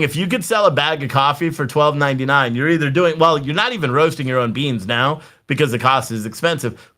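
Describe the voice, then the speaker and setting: A man's voice: on the high side, pushed and bright. A man ranting casually and profanely on a livestream, talking straight to his viewers. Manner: chatty, talks to viewers in the chat. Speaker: livestream political commentator.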